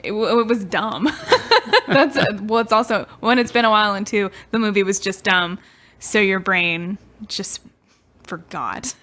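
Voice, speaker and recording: A woman's voice: mid-range voice, a little slow, a bit bright. A young woman co-hosting a podcast, telling a story in a casual, chatty way, often giggling and trailing off mid-sentence. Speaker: podcast co-host.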